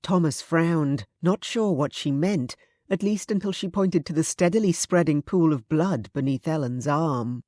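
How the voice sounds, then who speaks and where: A woman narrating a historical romance audiobook in a measured, expressive reading. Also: deep voice, dry recording, clean studio sound.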